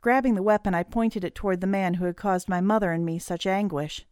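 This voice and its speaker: A woman reading a first-person audiobook story in a steady, clear storytelling manner. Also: medium pitch, fairly quick, no room sound, clean studio sound. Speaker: audiobook narrator.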